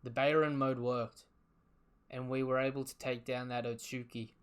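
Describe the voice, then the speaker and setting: A man reading aloud the lines of a dying male fox spirit, in a calm, matter-of-fact manner. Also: medium pitch, moderate pace, clear, resonant tone, natural voice. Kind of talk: reading manga dialogue aloud.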